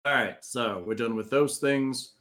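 A man's voice: mid-range voice, measured pace, fairly bright tone. A man running a tabletop game as game master, joking and swearing as he reads out rules.

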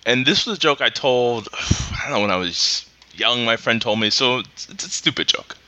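A man's voice: medium pitch, lively intonation, moderate pace, sharp tone. A young man co-hosting a casual comedy podcast, rambling through jokes and laughing often. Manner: rambling, laughs often, puts on silly voices. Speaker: podcast co-host.

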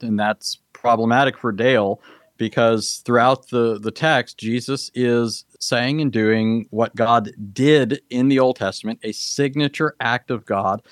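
A man's voice: medium pitch, normal speed, no room sound. Precise man debating scripture, dry sound. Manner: precise, lecturing, cites scripture references. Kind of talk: formal debate answer.

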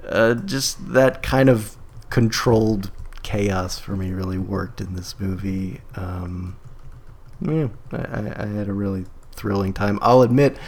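Slow, gravelly-voiced young man. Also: lowish voice, steady tone, darkish tone, slight background noise. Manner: easygoing, halting, laughs often. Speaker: podcast co-host. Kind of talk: casual movie review chat.

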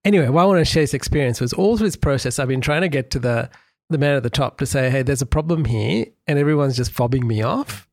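Gravelly man telling a story. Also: mid-range voice, quick pace, dry recording. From Australia. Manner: animated storytelling. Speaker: podcast co-host. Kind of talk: casual chat.

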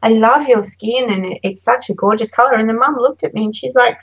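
A woman's voice: fairly high pitch, a little fast, slightly rough. Chatty Australian woman, dull lo-fi sound. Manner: chatty, anecdotal, acts out quoted voices. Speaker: guest, branding designer. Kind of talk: casual podcast chat, storytelling.

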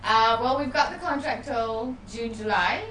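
A woman's voice: fairly high pitch, a little slow, fairly bright tone. A woman guest in a casual podcast chat, talking in a frank, easygoing way. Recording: roomy, distant, noisy.

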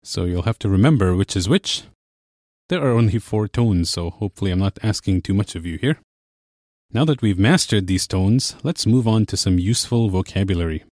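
A young man hosts a language lesson, explaining each point in a clear, measured way. His voice sits on the low side and sounds dry and close, with no room around it. He delivers it like scripted narration. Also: lively intonation, a little mellow, no echo. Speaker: language course host.

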